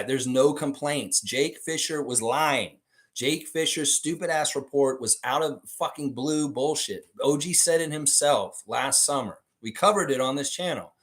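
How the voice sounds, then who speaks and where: This casual livestream host has a fairly high, slightly bright voice. He argues with his chat, speaking bluntly and profanely.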